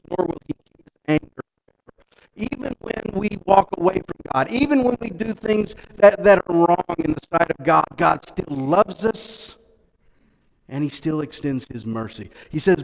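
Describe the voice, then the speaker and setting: A male pastor preaches in a church, moving from easy, conversational talk to loud, emphatic stretches and often repeating his words. His voice sits a little high for a man. The sound rings with the long reverb of a large hall. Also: vocal fry. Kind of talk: sermon.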